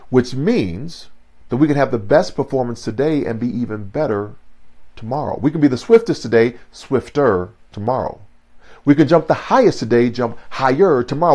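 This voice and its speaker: A man's voice: lowish voice, darkish tone. A man in his sixties giving an online keynote, dynamic and rhythmic, repeating phrases for emphasis and laughing at himself. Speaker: motivational speaker. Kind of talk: online keynote talk with storytelling. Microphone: video call.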